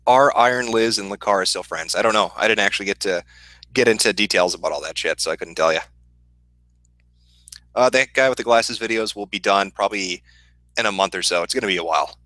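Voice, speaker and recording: A man with a Midwestern accent, hosting a casual livestream and answering chat questions in a profane, deadpan, sardonic way. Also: on the low side, brisk, dry recording, rough recording. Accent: Midwestern American.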